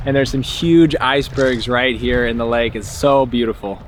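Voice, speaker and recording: A man's voice: mid-range voice, fairly even intonation, moderate pace, slight background noise. A young man narrating an outdoor hiking vlog on a forest trail, chatty and informative, speaking into a handheld camera mic. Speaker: vlogger and hiking guide.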